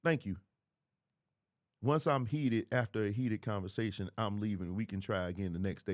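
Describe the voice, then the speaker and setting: A man's voice: on the low side, normal speed. A man, hosting a livestream commentary in an emphatic, preachy way, repeating phrases for effect. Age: 40s. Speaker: host.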